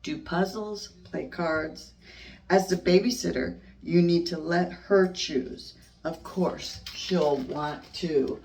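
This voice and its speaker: An older woman reading a picture book aloud to her baby granddaughter in a gentle, sing-song storytime voice, stopping to chat about the pictures. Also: on the low side, slow pace, gravelly, recorded from a distance. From United States.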